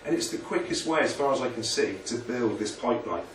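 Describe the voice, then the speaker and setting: A man's voice: mid-range voice, animated, brisk, slight background noise. Chatty man presenting in an echoey room. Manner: chatty, self-deprecating, motivational. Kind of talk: informal business presentation. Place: meeting room with an audience. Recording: echoey room, picked up from a distance.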